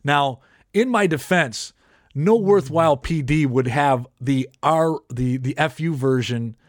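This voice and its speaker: A man's voice: fairly high pitch, a little slow, no room sound, studio quality. A man who hosts a podcast and has worked as a radio DJ, telling a story in casual chat with many restarts. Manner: rambling, many restarts and self-corrections.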